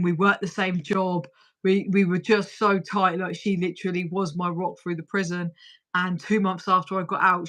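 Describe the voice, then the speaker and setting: Chatty woman hosting a livestream. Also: lowish voice. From United Kingdom. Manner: chatty, blunt, swears freely. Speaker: livestream host. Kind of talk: casual chat.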